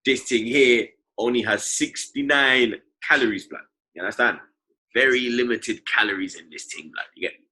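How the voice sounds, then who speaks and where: Bright-voiced slangy London podcast host. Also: male voice, mid-range voice, normal speed, low-quality recording. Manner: loose slangy banter, tags every phrase with "blood" and "you understand". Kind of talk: casual football podcast chat.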